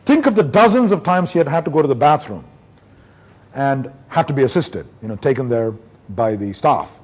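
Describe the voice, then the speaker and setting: Guy from india lecturing at a conference, kinda husky voice, pitch swings all over the place as he tells patient stories. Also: normal speed. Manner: animated storyteller, acts out doctor-patient dialogue. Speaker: neurologist giving a lecture. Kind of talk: conference lecture with case anecdotes.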